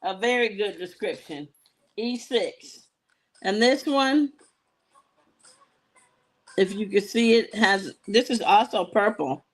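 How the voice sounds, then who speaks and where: A woman's voice: medium pitch, animated, slow, pauses often, low-quality recording. A woman hosting a live jewelry-selling show, chatting casually and telling sassy stories between items, with asides to her viewers. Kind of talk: casual live-stream chat.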